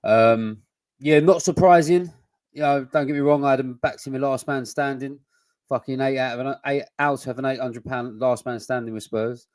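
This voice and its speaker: A man's voice: medium pitch, fairly even intonation, fairly quick, no room sound. A man, co-hosting a casual football podcast, blunt and sweary with rambling restarts. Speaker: podcast co-host.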